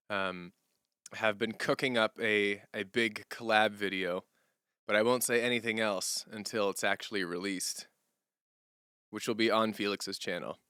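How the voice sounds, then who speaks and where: A young man chatting casually on a livestream, answering viewer questions in a relaxed, rambling way and laughing often. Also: lowish voice, clear, resonant tone, no room sound, studio quality. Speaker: streamer.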